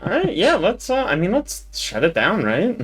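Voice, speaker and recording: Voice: medium pitch, wildly swooping pitch, normal speed, fairly bright tone, slightly rough, soft background music. Playful teasing tabletop player. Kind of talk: casual chat at a game table.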